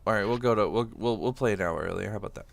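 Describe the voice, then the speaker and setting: A man's voice: on the low side, very fast, vocal fry, no echo. Laid-back swearing young man, dry close sound. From Boston area, USA. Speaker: podcast co-host. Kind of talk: casual chat.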